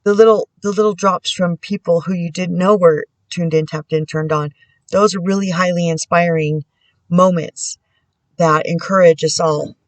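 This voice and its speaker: A woman speaks softly and haltingly as she leads a casual tarot reading. Her words come slowly, broken by fillers and restarts, and stay gentle and prayerful throughout. The recording is dry and close, with little sound from the room. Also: on the low side, fairly even intonation, dry recording. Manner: halting and soft-spoken, many pauses and restarts. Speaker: tarot reader and spiritual channeler. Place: indoors at home.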